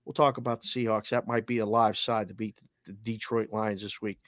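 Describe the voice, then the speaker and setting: A man with a Boston accent hosting a sports talk show, running through listener names and places with energetic, casual shout-outs. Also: on the low side, brisk, dry recording, studio quality. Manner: energetic, shout-outs with area codes and towns. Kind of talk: roll call of listeners, casual.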